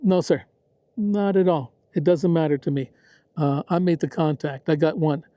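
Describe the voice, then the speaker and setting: A man chatting casually about his ham radio contacts in a relaxed, self-deprecating way, recording outdoors in the desert. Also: on the high side, normal speed, no room sound, lo-fi sound. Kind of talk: casual outdoor vlog narration.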